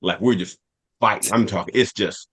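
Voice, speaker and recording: A man on a podcast telling a long personal story in casual talk, animated, repeating phrases for emphasis. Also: low voice, normal speed, breathy edge. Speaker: podcast cast member.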